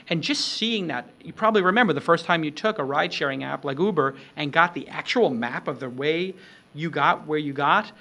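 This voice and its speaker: A middle-aged man hosting a talk on product demos, animated and acting out example pitches with shifting tone. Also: normal speed, vocal fry. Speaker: host. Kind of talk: instructional talk on startup demos.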